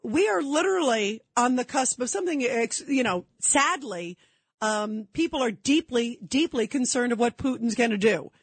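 Husky-voiced indignant female talk radio host. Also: on the high side, lively intonation, normal speed, no room sound. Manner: indignant, emphatic.

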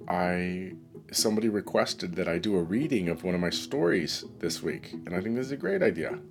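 Solo podcast host, male, very low voice, unhurried and reflective, casual monologue. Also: vocal fry, over music. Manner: relaxed, reflective, with pauses and fillers. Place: New York City.

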